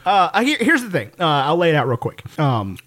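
A man's voice: fairly high pitch, big pitch swings, a little fast, fairly bright tone. A young man co-hosting a podcast, bantering playfully in casual movie review chat. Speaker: podcast co-host.

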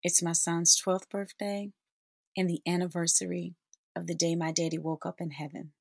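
A woman's voice: fairly low pitch, level tone, moderate pace, creaky, breathy edge, dry recording. A woman in her forties telling a personal story as a podcast host, heartfelt and talking straight to her listeners. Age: 40s. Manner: heartfelt, addresses listeners as sisters and y'all.

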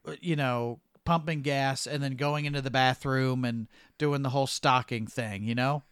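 A man's voice: mid-range voice, fairly even intonation, normal speed, fairly bright tone, clean tone, no echo, clean studio sound. A man co-hosting a podcast, talking casually about a film, hesitant with many ums and restarts. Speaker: podcast co-host. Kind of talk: casual movie discussion.

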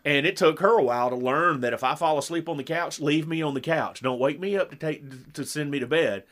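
A man's voice: on the high side, a little fast. A middle-aged man chatting casually as a podcast co-host, telling home stories and acting out the dialogue. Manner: animated, acts out quoted dialogue. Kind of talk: casual storytelling chat.

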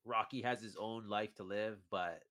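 Podcast co-host, male, lowish voice, rambling casual chatter with chuckles. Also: fairly even intonation, normal speed, a bit bright. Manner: rambling, chuckles between points. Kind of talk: casual chat.

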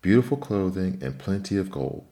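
A man's voice: low voice, very animated, moderate pace, dark tone. A man voicing a greedy, demanding fisherman's wife in a storybook reading. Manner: demanding, bossy.

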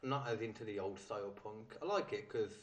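A young man hosting a podcast, talking casually and fast, laughing often and swearing freely. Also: on the low side. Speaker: podcast host. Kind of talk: casual chat.

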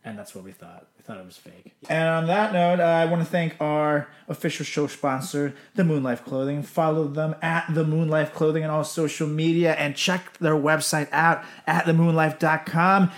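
A man's voice: a little high, moderate pace, hardly any pauses. A man from Venezuela co-hosting a casual podcast, joking crudely and reading sponsor plugs. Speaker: podcast co-host. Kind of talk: casual chat.

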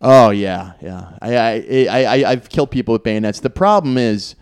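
A man playing a dim, cheerful young soldier from the First World War who keeps waking up in different battles, in an improvised comedy podcast, talking in a halting, stammering, deadpan way. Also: medium pitch, clean tone, natural voice. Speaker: improv guest in character.

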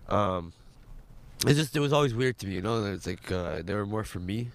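A man's voice: lowish voice, animated, brisk. A young man, a rapper guest, telling stories in a rambling way full of likes and ums. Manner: rambling, filler-heavy storytelling with many likes and ums. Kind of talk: casual chat.

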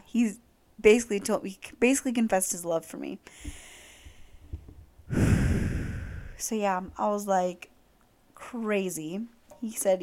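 A young woman telling a story to her podcast listeners in a casual, gushing chat. She is excitable and full of fillers, with her voice sitting at an ordinary middle pitch. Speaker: podcast host.

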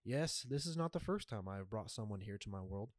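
A man voicing a calm, cryptic male jaguar spirit who speaks slowly and softly in a storybook reading. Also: fairly low pitch, dry recording, clean studio sound, natural voice. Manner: slow, deliberate and soft-spoken.

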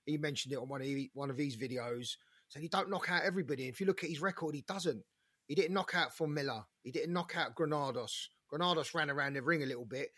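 A man's voice: on the high side, fast talker, fairly bright tone, breathy edge, no room sound, studio quality. A man co-hosting a boxing podcast, talking bluntly with emphatic interjections. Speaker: podcast co-host. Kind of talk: casual boxing chat.

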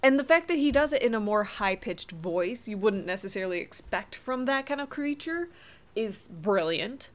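A woman's voice: medium pitch, lively intonation, moderate pace. A woman co-hosting a podcast, chatting casually about a movie in a cheerful way and laughing easily. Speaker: podcast co-host. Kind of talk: casual movie review chat.

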